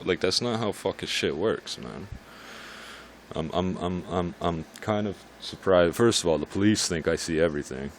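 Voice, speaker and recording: A man's voice: low voice, moderate pace, fairly bright tone, slight background noise. A man in a casual vlog monologue, rambling and swearing in an irritated rant, recorded outdoors on a city street. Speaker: vlogger.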